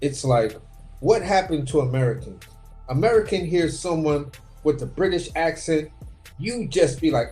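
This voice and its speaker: A man co-hosting a casual boxing talk live stream, animated and profane, often slipping into voices of other people. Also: fairly high pitch, normal speed, faint music behind. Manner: animated, profane, slips into impressions. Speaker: boxing commentary co-host.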